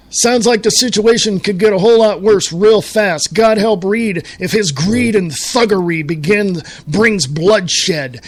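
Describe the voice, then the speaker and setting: A middle-aged man from the United States hosting a talk radio show, reading quotes aloud and ranting with profanity. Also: high voice. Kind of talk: angry political commentary.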